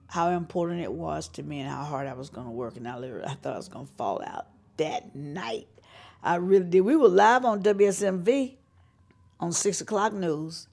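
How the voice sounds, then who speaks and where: A woman's voice: lowish voice, gravelly. An older woman from North Carolina, telling stories in an interview and acting out the voices of the people she quotes. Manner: animated storyteller who acts out quoted voices. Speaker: singer and showcase organizer. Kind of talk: storytelling interview.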